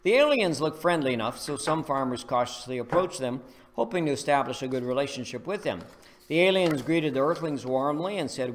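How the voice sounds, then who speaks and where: A male pastor preaching a sermon, telling a story and leading a prayer in an earnest, deliberate way. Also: on the high side, lively intonation, slight background noise.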